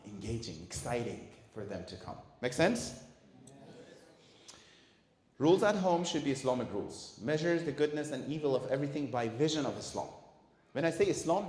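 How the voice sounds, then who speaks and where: A man giving a talk on parenting to an audience. He is lively, asks the room questions and acts out the voices of parents and children. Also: on the high side. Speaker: lecturer at a community centre. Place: community centre hall. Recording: echoey hall.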